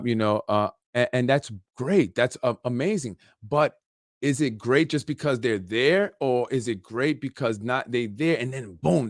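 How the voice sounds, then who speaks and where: A man's voice: mid-range voice, dry recording, studio quality. A man hosting a political podcast, ranting in unscripted commentary with street slang, many fillers and repeated words.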